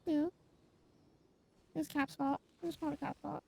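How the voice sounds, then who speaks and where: Very high-voiced woman game streamer. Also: measured pace, gravelly. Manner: chatty and expressive, complaining out loud. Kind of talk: casual live-stream chat while gaming.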